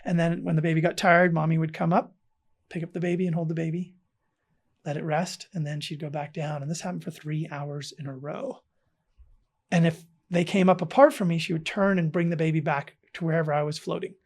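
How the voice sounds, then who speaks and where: A man from South Africa, a podcast guest, telling a personal story earnestly and often dropping to a hushed, quiet tone. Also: a little high, steady tone, fairly quick.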